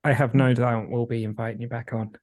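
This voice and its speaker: A man's voice: medium pitch, little pitch movement, fast talker, darkish tone. A man hosting a podcast, chatty and effusive as he thanks his guest and signs off. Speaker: podcast host. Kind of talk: casual podcast conversation and outro.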